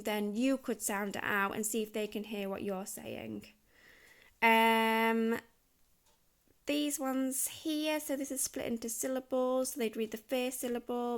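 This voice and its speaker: A woman teacher, patiently guiding parents through phonics sounds and reading activities. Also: a little high. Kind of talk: instructional walkthrough for parents.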